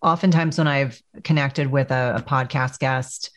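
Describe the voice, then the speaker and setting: Middle-aged woman, podcast host; measured, reflective conversational delivery. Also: rumbling low, steady tone. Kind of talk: conversational interview.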